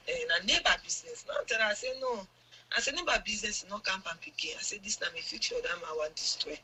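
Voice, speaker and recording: A woman's voice: mid-range voice, pushed and bright, a little hiss or hum, low-quality recording. An older woman with a Sierra Leonean Krio accent, a guest earnestly recounting events in a long narration full of quoted exchanges. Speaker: guest, mother telling her account. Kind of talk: radio interview testimony.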